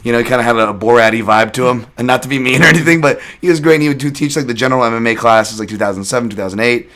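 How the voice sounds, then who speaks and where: A man hosts a loose, casual podcast and wanders through long anecdotes, laughing often. His voice is bright and forward at an ordinary middle pitch. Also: rapid-fire. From Chinese heritage. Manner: rambling, laughing storyteller. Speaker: podcast host.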